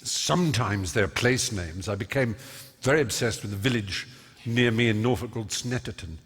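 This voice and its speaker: A man's voice: on the low side, normal speed, a bit bright, slightly rough. A man, an on-stage interview guest telling stories eloquently and self-mockingly, with many fillers. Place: large concert hall stage. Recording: long reverb of a large hall.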